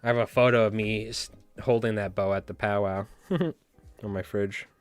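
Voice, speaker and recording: A man's voice: fairly low pitch, fairly even intonation, normal speed, no echo, soft background music. A man hosting a casual fly tying live stream, joking and rambling as he talks back to his chat.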